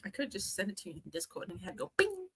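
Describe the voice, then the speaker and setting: A woman's voice: mid-range voice, very animated, very fast, breathy edge. A woman from California, a guest on a live stream, talking bluntly with slang and swearing. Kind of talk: casual live-stream chat.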